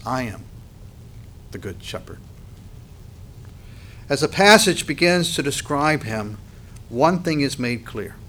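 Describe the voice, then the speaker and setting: A man preaching a sermon as a pastor. He rises sharply in pitch and volume when he reads scripture aloud. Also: fairly bright tone, a little hiss or hum.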